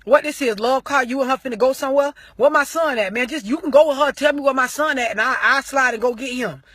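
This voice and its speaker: A woman's voice: high-pitched, fast, fairly bright tone, no echo. A woman voicing an angry young father who keeps demanding to see his son, pushy and profane. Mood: insistent.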